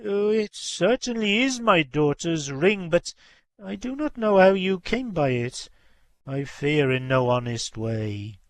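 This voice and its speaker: A man's voice: a little high, animated, slow pace, dry recording. Give me a man voicing a cold, angry old father, heavy with sorrow. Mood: stern. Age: older. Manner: angry, then sorrowful and stiff. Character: stern, grieving old gentleman father.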